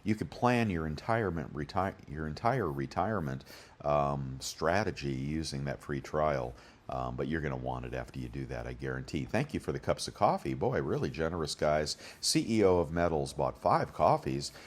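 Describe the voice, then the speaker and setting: A man with a rumbling low, expressive voice speaks at a moderate pace while hosting a bullion deals channel. In casual screen-share commentary, he rambles through prices with lots of fillers.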